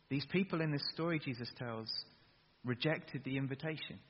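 A man preaching a sermon and leading a prayer to a youth audience in a large hall, earnest, switching between loud urging and soft hushed lines and leading the crowd in call-and-response. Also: on the high side, expressive, normal speed. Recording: dull lo-fi recording with long hall reverb.

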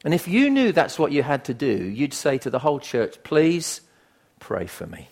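An older man preaching a sermon in a conversational, emphatic way, swinging from quiet asides to loud bursts. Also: fairly high pitch, wildly swooping pitch, a little fast.

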